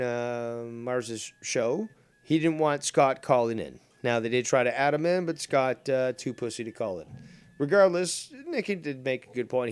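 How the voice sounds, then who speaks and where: Loud ranting man with a dry close sound. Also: medium pitch, clear, resonant tone, dry recording. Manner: loud, ranting, profane, mocking voices. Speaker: podcast host. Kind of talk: heated casual chat.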